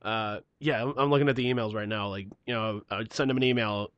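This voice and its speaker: A man co-hosting a casual podcast chat, laughing often, clearing his throat and trailing off as he reads. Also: lowish voice, fairly even intonation, quick pace, fairly bright tone, no room sound, muffled recording. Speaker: podcast co-host.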